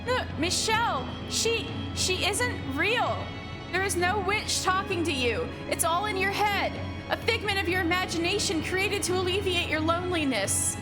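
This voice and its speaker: A woman voicing a desperate young woman, shrill and breathless as she begs and pleads. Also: animated, normal speed, loud music behind the voice.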